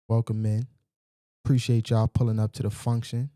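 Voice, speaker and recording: Talking casually with his viewers, this male streamer is loose, slangy and profane as he addresses the chat head-on through a desk mic, pausing for mic checks. He has a low, very dark, mellow voice, fairly even intonation and a slightly fast delivery. The audio is dry and up close, without any room sound.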